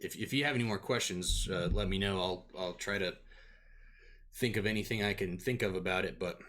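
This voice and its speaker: A man playing an easygoing sailor who used to run the ship, speaking in a low voice with quick, offhand delivery. He sounds like the narrator's own voice, only brisker. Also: fairly bright tone.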